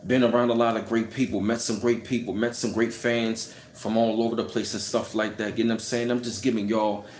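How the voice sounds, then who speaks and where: A man's voice: fairly low pitch, flat delivery, a little fast, darkish tone, a little hiss or hum. Heated man ranting in an echoey room. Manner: heated, scornful, peppered with "you know what I'm saying". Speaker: channel host. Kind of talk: casual ranting storytelling. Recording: roomy echo.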